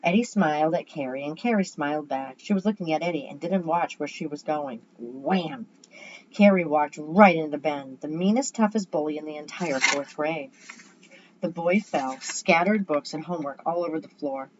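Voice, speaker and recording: A woman's voice: low voice, moderate pace, lo-fi sound, a little hiss or hum. A young woman reading a children's chapter book aloud, adding chatty, playful asides between passages. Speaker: storybook reader.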